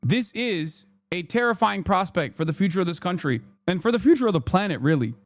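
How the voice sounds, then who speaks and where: A man's voice: high-pitched, animated, a little fast, no room sound. A man, ranting and swearing as he comments on a livestream. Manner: heated, ranting, swears often. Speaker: streamer.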